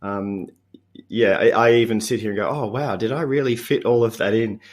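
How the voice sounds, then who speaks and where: A man in his fifties with an Australian accent, a podcast guest talking in a relaxed, reflective way with frequent chuckles and halting restarts. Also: fairly low pitch. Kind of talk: casual interview chat.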